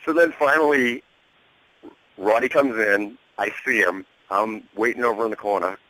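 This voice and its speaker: A middle-aged man telling a lively backstage story as a radio guest, acting out the people in it and laughing often. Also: lowish voice, moderate pace, no echo, rough recording. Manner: animated storyteller, laughs often, acts out quotes. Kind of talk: casual anecdote over a radio show.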